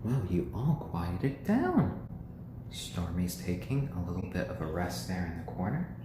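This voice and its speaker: A man hosting a casual home live stream, gently cooing to his pet chickens and chatting with viewers. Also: sits low, sing-song, measured pace, roomy sound, background noise. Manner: chatty, answers viewers' comments.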